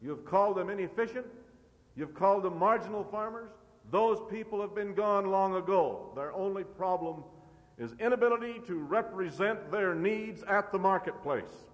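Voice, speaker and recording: Middle-aged man, slightly high voice, pounding rhetoric at a podium; old cassette from an echoing hall. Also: lively intonation, normal speed. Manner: forceful, repetitive rhetoric. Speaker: farm organization leader. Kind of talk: convention speech. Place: large convention hall.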